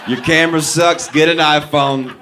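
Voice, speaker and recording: Young male stand-up comic, animated storyteller who acts out voices and chuckles at his own punchlines, faint room hiss. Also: fairly high pitch, normal speed. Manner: animated storytelling, acting out quoted voices, laughing at own jokes. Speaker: stand-up comedian. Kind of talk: stand-up comedy set. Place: comedy club stage before a live audience.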